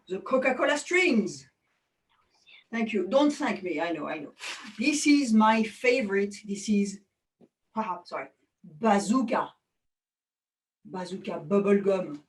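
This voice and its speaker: A woman's voice: a little high, far from the mic, rough recording. A woman from France with a French accent, doing chatty, self-mocking magic show patter over a video call.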